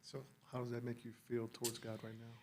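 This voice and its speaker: A man hosting an interview, asking gentle questions and offering quiet reassurance. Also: medium pitch, monotone, fairly quick. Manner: soft-spoken, reassuring, brief prompts. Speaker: podcast host, interviewer.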